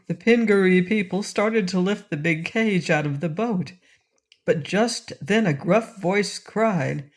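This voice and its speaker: A woman narrating a classic children's audiobook in a gentle, clear reading style. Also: lowish voice, measured pace. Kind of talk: storybook narration.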